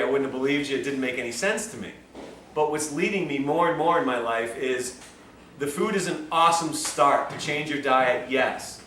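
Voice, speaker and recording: A man's voice: medium pitch, fairly bright tone. A man giving a health lecture, telling a personal story in a conversational way and acting out the dialogue. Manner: conversational, acts out quoted dialogue. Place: lecture room at a health institute. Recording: echoey room from far off, faint hiss.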